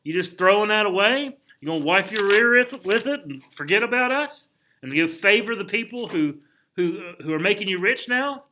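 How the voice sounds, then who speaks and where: A man's voice: high-pitched, animated, normal speed, bright, forceful tone, low-quality recording. A man acting as an indignant Frenchman. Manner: exasperated, accusing rhetorical questions. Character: indignant Frenchman scolding an ungrateful ally.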